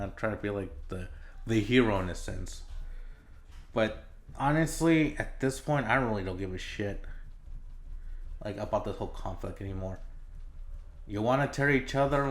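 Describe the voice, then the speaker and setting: A man hosting his own solo podcast, ranting in an exasperated, casual way with lots of swearing and filler words. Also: fairly low pitch. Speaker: podcast host.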